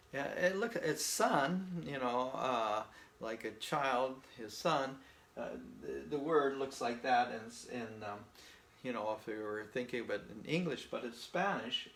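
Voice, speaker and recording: A man's voice: medium pitch, fairly bright tone, echoey room, slight background noise. A man teaching a Spanish lesson, explaining patiently and repeating himself, often checking in with "okay?". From northern United States. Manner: slow and repetitive, checking in with "okay?". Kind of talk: slow, patient classroom lesson.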